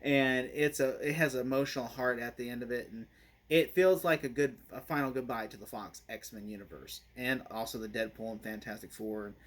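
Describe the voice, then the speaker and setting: A man's voice: medium pitch, brisk. A man giving a casual spoken movie review, rambling and laughing often.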